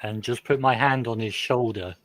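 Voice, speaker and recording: A man playing a tabletop game speaks calmly and matter-of-factly. His voice sits in the middle range, and his talk is casual. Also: medium pitch, normal speed. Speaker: player. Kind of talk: casual play chat.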